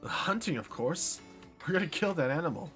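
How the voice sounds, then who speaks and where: A man's voice: fairly high pitch, lively intonation, normal speed, a bit bright, faint music behind. A man voicing a brash young female police officer in a game, bossy and matter-of-fact.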